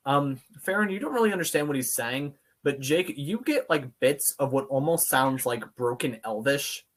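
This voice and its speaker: A man's voice: mid-range voice, animated, normal speed. A man running a tabletop game as game master, describing scenes with some hesitant fillers.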